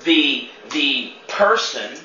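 A man's voice: a little high, lively intonation, extremely slow, sharp tone, slight background noise. A man leading a church teaching session, talking conversationally, quizzing the room and repeating words as he thinks. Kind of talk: interactive teaching talk. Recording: echoey dull room sound from far off.

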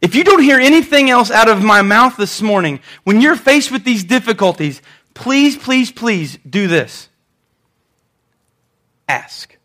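A man's voice: very high-pitched, animated, normal speed, bright, forceful tone. A young man, a pastor, preaching a conversational sermon in church and telling stories with animation.

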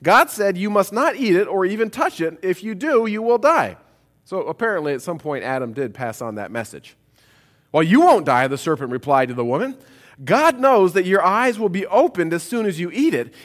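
Lively, high-voiced man preaching. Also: moderate pace. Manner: expressive Bible reading, conversational asides. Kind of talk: sermon.

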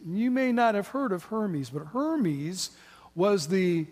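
A man's voice: high voice, animated, takes it slowly, darkish tone. A middle-aged man preaching a sermon as a pastor, talking conversationally and asking the congregation rhetorical questions with casual asides. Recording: long reverb of a large hall.

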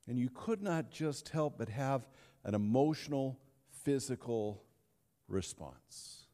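A man preaching a sermon, telling a story with dramatic pauses and shifts between loud and hushed. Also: mid-range voice, long reverb tail. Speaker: pastor.

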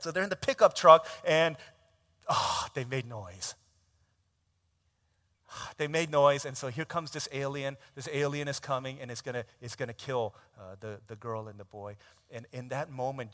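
A man preaching a sermon, retelling a film scene in a conversational way, dropping to a hush and rising to loud emphasis. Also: medium pitch. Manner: conversational storytelling, swings from hushed to shouted. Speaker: pastor.

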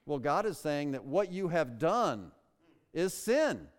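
A man preaching a sermon in a slightly high, smooth, resonant voice, pressing hard on key words and firing rhetorical questions at his listeners. His voice rings out with the long reverb of a large hall. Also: very animated, slow pace. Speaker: pastor.

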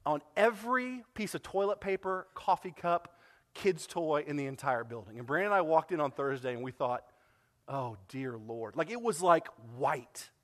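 A man, a pastor telling a story to his church in a lively sermon, acting out what people said. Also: a little high, moderate pace, big-room sound. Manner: animated storytelling, acts out quoted dialogue. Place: church sanctuary.

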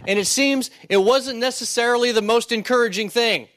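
A man's voice: high-pitched, fast talker, few pauses, fairly bright tone, dry recording. A man preaching a sermon in a conversational way, often asking "right?" and restarting words. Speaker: pastor.

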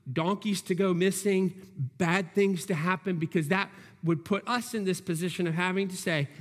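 High-voiced pastor preaching in a reverberant hall. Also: male voice. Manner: earnest, reasoning aloud with frequent restarts. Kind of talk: sermon.

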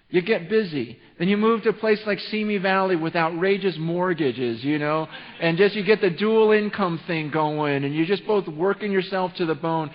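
A man around forty from California, preaching a sermon as a pastor, telling an emotional story full of restarts. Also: sits high. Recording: reverberant hall, dull sound.

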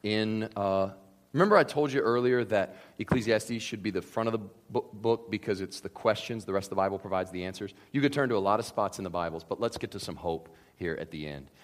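A man preaching a sermon, animated and conversational, acting out the voices of imagined people. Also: fairly low pitch, a little fast, big-room sound. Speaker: pastor.

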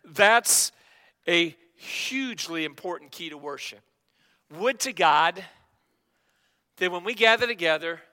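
Pastor guy preaching, high bright voice, big echoey church hall. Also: clear, resonant tone. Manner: emphatic preaching with call-and-response. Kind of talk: sermon. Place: church sanctuary.

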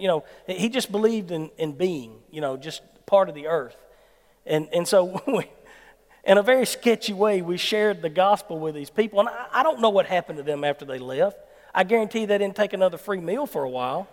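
A man with a Southern American accent preaching a sermon as an animated storyteller. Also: high-pitched, fairly quick. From Mississippi, US South. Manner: animated storyteller who acts out quoted people. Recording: long hall reverb.

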